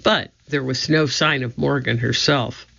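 A narrator reading a children's book aloud in an expressive storytelling manner. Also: mid-range voice, measured pace, creaky, highs cut off. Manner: expressive storytelling, voicing each character. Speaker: audiobook narrator.

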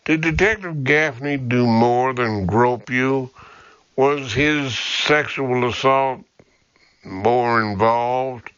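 A man reading an audiobook, voicing a steady middle-aged police captain who speaks in a measured, restrained way. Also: medium pitch, clean tone, dry recording, dull audio.

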